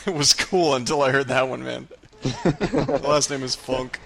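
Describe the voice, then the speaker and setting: Young male co-host, slow drawl with lots of gravel and a bright edge, goofy banter. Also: mid-range voice. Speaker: podcast co-host. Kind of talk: casual chat.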